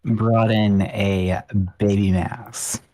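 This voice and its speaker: A man co-hosting a game stream, joking in a deadpan way with short, dry remarks. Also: fairly low pitch, very slow, low-quality recording. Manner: deadpan, drawls one-word jokes. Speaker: co-host. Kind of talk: casual game stream chat.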